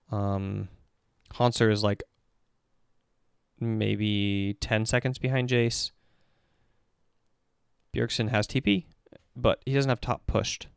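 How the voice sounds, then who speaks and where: A man coaching esports players talks through a match replay and picks apart each play with lively, analytical energy. His voice is smooth and resonant. The sound is dry and close to the mic. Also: on the low side, dry recording. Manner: analytical, animated, breaks down plays step by step. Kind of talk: casual game-replay commentary on a stream.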